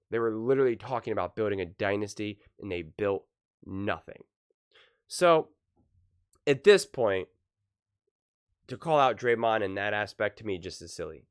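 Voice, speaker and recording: Animated man giving sports opinions. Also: on the low side, normal speed, pauses often, smooth, no room sound, studio quality. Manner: animated, emphatic, quoting players in punchy voices. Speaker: sports commentary channel host. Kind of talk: solo sports opinion commentary.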